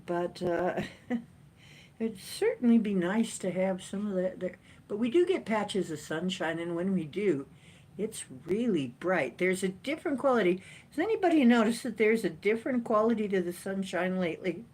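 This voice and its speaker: A woman hosting a casual livestream chat from home, rambling and chatty with frequent laughs and playful jumps in pitch. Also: animated, normal speed, darkish tone, slightly rough. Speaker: livestream host. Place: at home, sitting in a chair with a cat.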